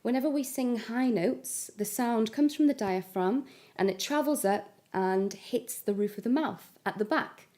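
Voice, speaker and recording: A woman giving a singing lesson, explaining vowel shapes step by step and demonstrating high notes. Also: moderate pace, warm tone. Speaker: singing teacher. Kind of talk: vocal lesson with sung examples.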